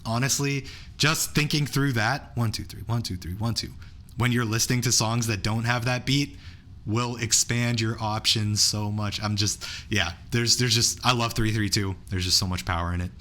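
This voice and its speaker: A man's voice: mid-range voice, steady tone, normal speed, bright, forceful tone. A man running an online beatboxing workshop, counting out rhythms and talking through patterns in a loose, enthusiastic way. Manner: counts beats aloud and breaks into beatbox sounds; enthusiastic, loose, restarts often. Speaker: beatboxing instructor.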